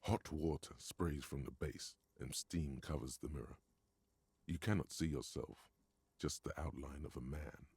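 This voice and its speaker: A man's voice: very deep voice, measured pace, darkish tone, slightly rough, dry recording, heavily acted. A man voicing a grave narrator in a video game, telling the scene in a dry, grimly witty way.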